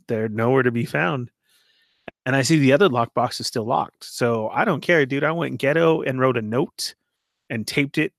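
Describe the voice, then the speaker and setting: A man's voice: medium pitch, vocal fry, no echo, studio quality. A man casually telling a long story, laughing often and acting out what people said. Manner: animated, laughs often, acts out quoted voices.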